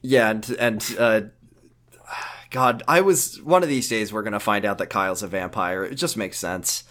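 A man's voice: on the low side, a bit bright. A young man in his twenties co-hosting a podcast, joking and mocking as he recaps a show in casual chat. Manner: joking, mocking, quick asides. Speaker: podcast co-host.

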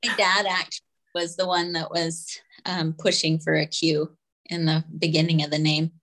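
A woman being interviewed on a podcast, speaking hesitantly with many ums and soft laughs. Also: low-pitched, level tone, normal speed, low-quality recording. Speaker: podcast guest. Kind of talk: casual interview chat.

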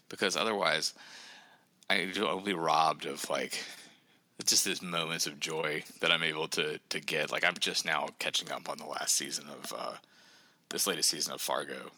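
A man's voice: rumbling low, moderate pace, pushed and bright, no echo. A man, an author on a podcast, chatting casually in a rambling way with many fillers and restarts. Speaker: author guest.

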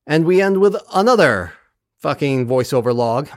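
A man hosting a podcast, recapping a TV episode in casual chat with a wry, profane, animated manner. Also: fairly high pitch, moderate pace, no room sound, clean studio sound.

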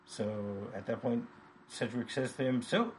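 A man's voice: mid-range voice, steady tone, darkish tone, a little hiss or hum. Laughing man recapping a film. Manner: playful, quick to act out lines in put-on voices and laugh. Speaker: podcast host. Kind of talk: casual chat recapping a film scene by scene.

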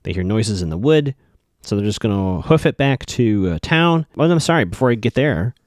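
A man's voice: on the low side, very animated, moderate pace, no echo, studio quality. A man casually recapping a TV episode, rambling and often asking whether characters can be trusted. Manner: chatty, rambling, questioning. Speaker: show recap host.

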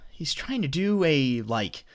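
A Southern American man co-hosts a podcast, rambling casually through his movie opinions with lots of restarts. His voice is a little high and sing-song, and he speaks slowly.

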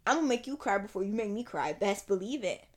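A woman's voice: mid-range voice, animated, quick pace, darkish tone. A young adult woman hosting a podcast, telling a personal story in an emphatic, repetitive, sassy and emotional way. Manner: emphatic, repeats phrases, swings between sassy and tearful. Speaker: podcast host.

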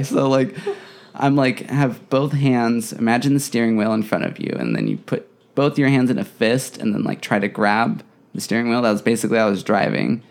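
A man's voice: mid-range voice, normal speed, gravelly. Young man telling a story casually. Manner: animated, acts out quotes, swears freely.

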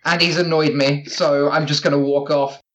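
Tabletop player, blunt and dry, mid-pitched voice. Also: flat delivery, moderate pace, fairly bright tone. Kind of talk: narrating own character's actions.

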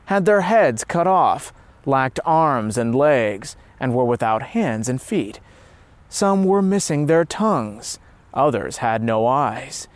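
A man's voice: fairly high pitch, a little mellow, no echo. Earnest man narrating a story.

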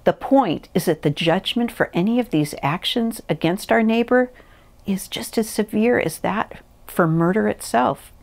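A woman preaching a sermon in an earnest, measured way, reading scripture and a story aloud. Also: medium pitch, gravelly, darkish tone. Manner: earnest, measured teaching with pauses.

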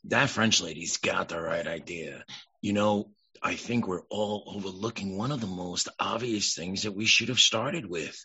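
A man's voice: deep voice, normal speed, pushed and bright, slightly rough, exaggerated voice. A man playing a chummy, talkative castaway who speaks in a folksy, coaxing way, over muffled call audio. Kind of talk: improv scene.

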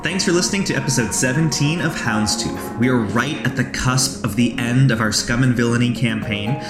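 A man hosting a podcast, reading a brisk outro announcement. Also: medium pitch. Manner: brisk, promotional. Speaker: podcast host. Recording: roomy sound with loud music.

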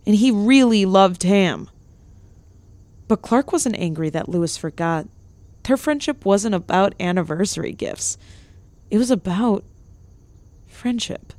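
A woman narrating a comedic story in a deadpan, mock-grand delivery. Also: mid-range voice, unhurried, pauses often, dry recording.

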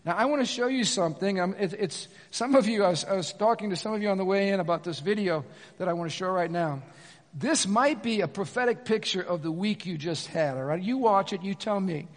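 High-voiced pastor preaching in an echoing hall. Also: male voice, a little fast. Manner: energetic, conversational preaching with asides to the congregation. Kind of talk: sermon. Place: church sanctuary. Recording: long reverb of a church hall.

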